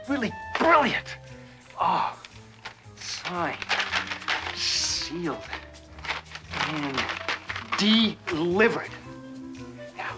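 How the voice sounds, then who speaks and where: An actor playing a scheming, theatrical middle-aged businessman in a TV drama, with florid, melodramatic pleading. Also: a little high. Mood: frantic. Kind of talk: TV drama acting. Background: music.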